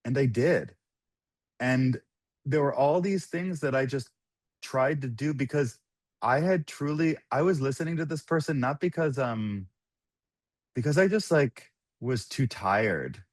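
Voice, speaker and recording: Animated man telling stories, dry sound. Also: medium pitch, a little slow, dry recording. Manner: animated, laughing often, quoting others. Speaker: podcast guest. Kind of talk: casual storytelling.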